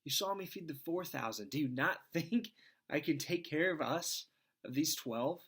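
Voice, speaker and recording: A man's voice: on the high side, expressive, moderate pace, a bit bright, slightly rough, pitched above the performer's own voice, full character voice. Man doing an exasperated, disbelieving teacher. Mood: incredulous. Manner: incredulous rhetorical questions.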